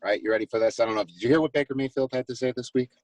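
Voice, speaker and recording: A man's voice: mid-range voice, rapid-fire, a little mellow, dry recording, poor audio. A man co-hosting a casual sports debate, building a sarcastic rant.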